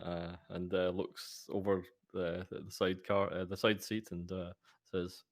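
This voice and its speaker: A man's voice: deep voice, flat delivery, a little slow. A man narrating as game master, hesitant with many filler words.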